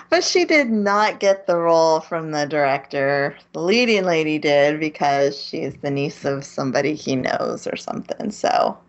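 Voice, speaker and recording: A woman's voice: low voice, slow pace, highs cut off. A woman co-hosting a podcast, recounting a story in casual chat. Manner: recounting a plot with laughs. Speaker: podcast co-host.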